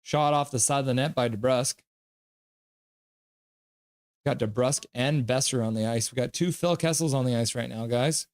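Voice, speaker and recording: A man's voice: mid-range voice, a little fast, hardly any pauses, darkish tone. Male streamer, casual live reaction host, reads viewer comments and calls the action loosely. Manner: reads viewer chat aloud by name, mixed with loose play-by-play.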